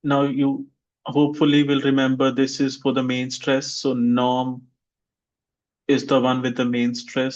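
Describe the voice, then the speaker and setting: A man teaching an online English class, drilling pronunciation by slowly repeating words for his students. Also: medium pitch, lo-fi sound. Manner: slow, deliberate repetition of words for students.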